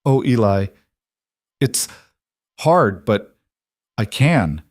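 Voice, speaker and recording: A man voicing a young boy who speaks in a halting, hesitant way. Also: medium pitch, sing-song, exaggerated voice.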